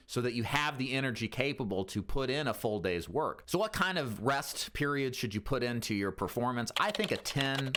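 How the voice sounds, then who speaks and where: A middle-aged man coaching insurance agents on phone selling, in a lively instructional talk. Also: fairly low pitch. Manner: lively, coaching delivery with varied intonation. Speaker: insurance sales trainer.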